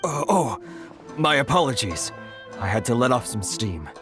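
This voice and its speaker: A man's voice: medium pitch, big pitch swings, moderate pace, over music, natural voice. A man playing a worried merchant. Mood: anxious. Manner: sighing, anxious. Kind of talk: video game voice acting.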